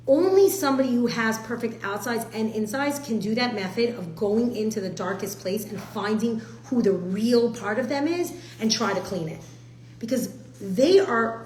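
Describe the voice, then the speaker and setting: A woman, teaching a casual class in a chatty, animated way, full of fillers and acted-out quotes. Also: medium pitch, reverberant, a little hiss or hum, rough recording. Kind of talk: casual spoken lesson.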